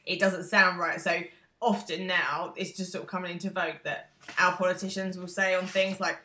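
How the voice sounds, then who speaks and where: An English woman co-hosting a podcast, chatting about a show with opinionated, lively asides. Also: on the low side, normal speed, echoey room. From England. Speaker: podcast co-host. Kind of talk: casual chat recapping a show.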